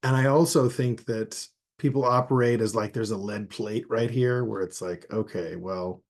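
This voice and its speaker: A man co-hosting a relaxed podcast, with a gravelly, husky voice. He explains his points thoughtfully, tossing in light, playful asides. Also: on the low side, normal speed. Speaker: doctor and podcast co-host. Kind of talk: casual podcast chat.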